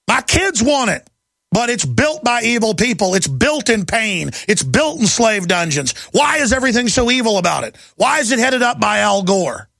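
A man's voice: high-pitched, sing-song, moderate pace, gravelly, bright, forceful tone, dry recording. A middle-aged man hosting a talk radio show, ranting fervently in a rising, impassioned monologue.

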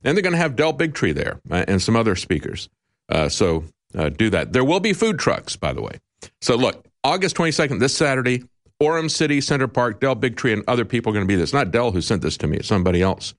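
A man's voice: mid-range voice, sing-song, fast talker. A male talk show host giving emphatic, indignant commentary with sarcastic asides.

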